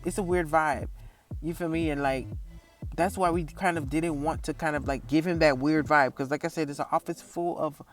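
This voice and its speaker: High-voiced man ranting profanely. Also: moderate pace, faint music behind. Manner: profane, animated, laughs often. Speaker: vlogger. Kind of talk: casual storytelling rant.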